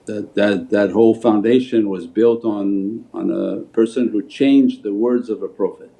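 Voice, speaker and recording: Speaking unhurriedly in a low, steady, warm voice with vocal fry, a Sufi shaykh teaches through stories. He delivers a spiritual talk and takes questions over a livestream that sounds like a phone call.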